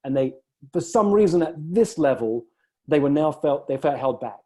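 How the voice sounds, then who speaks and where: A man's voice: fairly high pitch, lively intonation, moderate pace, dark tone. A man coaching a client one-on-one, reflecting her words back and telling stories to make a point.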